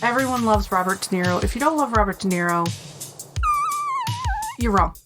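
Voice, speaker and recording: A woman co-hosting a casual movie podcast from her home, animated and quick to swear, often jumping into high-pitched quote voices. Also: over music. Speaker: podcast co-host. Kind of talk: casual chat. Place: home apartment.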